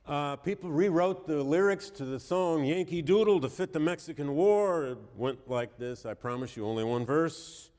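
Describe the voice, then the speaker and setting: A man's voice: on the high side, moderate pace, hardly any pauses, darkish tone. Man lecturing on history with a cold. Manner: wry, conversational, reads quotes with emphasis. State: has a cold. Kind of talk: university lecture. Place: lecture hall. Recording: reverberant lecture hall.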